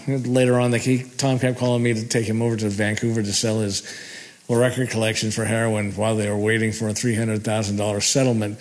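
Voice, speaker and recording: A man telling a rambling personal story in a casual way, chuckling now and then. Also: mid-range voice. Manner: rambling, laughing, restarts. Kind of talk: casual spoken recollection.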